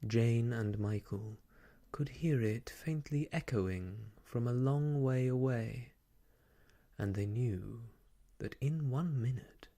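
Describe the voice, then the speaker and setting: Slow, hushed male storyteller. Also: medium pitch. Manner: gentle, hushed, half-whispered. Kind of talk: soft-spoken ASMR story reading.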